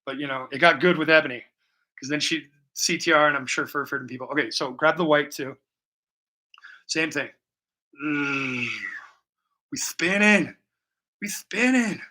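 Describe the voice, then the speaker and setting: A man talks through a painting session on a livestream, picked up by a laptop mic. His voice sits a little high and rings bright and forceful. He rambles, jokes and swears, and now and then drifts into a few bars of song. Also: fairly even intonation, brisk, low-quality recording. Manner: joking, profane, rambling, bursts into song. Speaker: live-streaming painter. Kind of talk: casual livestream chat while painting.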